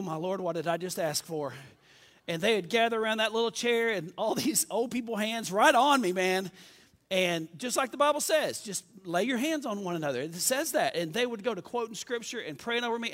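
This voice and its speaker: High-voiced man preaching in a reverberant hall. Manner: animated, folksy storytelling with sudden loud bursts and hushed asides. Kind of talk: sermon storytelling. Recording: long reverb of a large hall.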